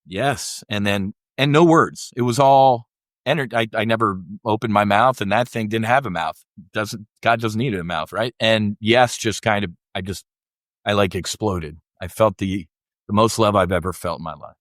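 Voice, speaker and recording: A man's voice: fairly low pitch, moderate pace, no room sound, studio quality. A middle-aged man, a military veteran guest on a podcast, telling a candid personal story in a rambling way, restarting often and acting out the voices of people he quotes.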